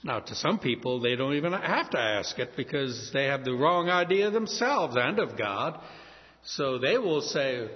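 A male pastor preaching a sermon with a dramatic delivery, slowing down to stress key words. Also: mid-range voice, sing-song. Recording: long reverb, dull lo-fi sound.

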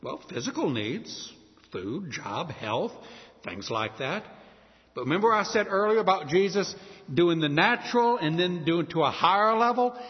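A man preaching a sermon, emphatic, slowing down and lifting his voice on key words. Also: high voice, expressive. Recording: dull sound with long hall reverb.

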